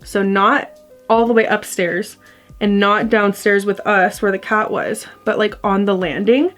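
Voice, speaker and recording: A young adult woman vlogger tells a ghost story into her camera mic, chatty and rambling, packed with fillers and constant "like"s. Her voice is medium-pitched, level and a bit bright, moving at a measured pace over soft background music.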